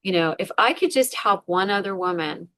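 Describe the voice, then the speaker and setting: A woman's voice: medium pitch, animated, normal speed, a bit bright. A woman, a podcast guest, candidly retelling a painful personal story with many fillers. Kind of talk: emotional personal story in an interview.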